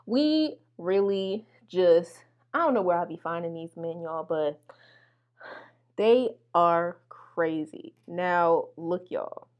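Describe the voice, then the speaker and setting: A young adult woman from Milwaukee telling a profane, animated story straight to her listeners. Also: on the low side, slow pace, dull audio. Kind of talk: casual storytelling to camera.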